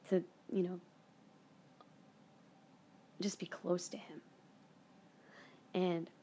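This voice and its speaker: A woman's voice: on the low side, slight background noise. A woman hosts her own podcast and tells a personal story in a loose, casual way, sometimes swearing. She gets emotional and close to tears, and her voice sinks to a whisper in the tender parts. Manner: emotional, near tears, whispering at soft moments. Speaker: podcast host.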